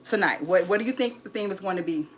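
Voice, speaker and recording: A woman's voice: lowish voice, lively intonation, fast talker, a little hiss or hum. A woman, bubbly and hyped, greeting viewers on a home decor livestream. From California. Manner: bubbly, hyped, calls viewers sis and honey. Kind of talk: live-stream chat. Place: home, indoors.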